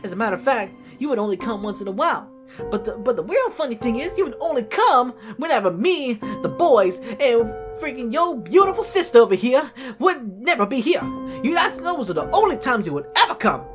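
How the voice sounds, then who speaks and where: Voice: mid-range voice, sing-song, fairly quick, lightly acted. A performer voicing an indignant churchgoing sister who scolds her brother in a stammering, accusing manner, over music. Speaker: church member. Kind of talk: comedy sketch acting.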